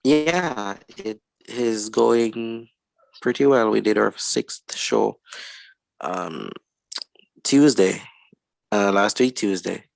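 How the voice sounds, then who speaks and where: A low-voiced man in his twenties with a gravelly edge, talking slowly. He rambles through his story as a podcast guest, in a dry, close sound. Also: no room sound. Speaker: guest musician and producer. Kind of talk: casual podcast interview.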